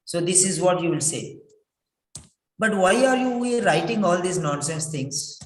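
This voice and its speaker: A man's voice: sits high, animated, unhurried. Guy teaching writing, keeps repeating himself and firing questions at you, roomy echo. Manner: emphatic, repetitive teaching with rhetorical questions. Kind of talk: classroom-style lecture. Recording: echoey room.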